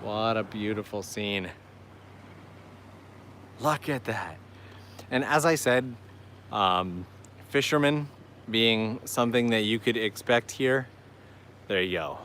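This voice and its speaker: A man's voice: lowish voice, animated, takes it slowly, long pauses, a bit bright, a little hiss or hum. A man hosting a travel live stream outdoors, chatting enthusiastically with viewers while walking and reading their messages aloud. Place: outdoors on a seaside island path.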